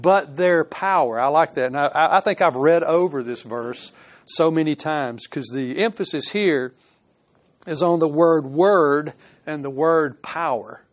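A man preaching a sermon, reading scripture aloud and explaining it, swinging between emphatic rises and quiet conversational asides. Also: on the high side. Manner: earnest, reads scripture aloud with plain commentary. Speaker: pastor.

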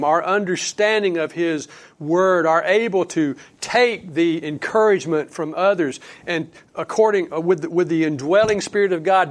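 Man preaching with slow scripture reading. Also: fairly high pitch. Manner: slows and lifts his voice reading scripture, drops quiet for asides. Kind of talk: sermon.

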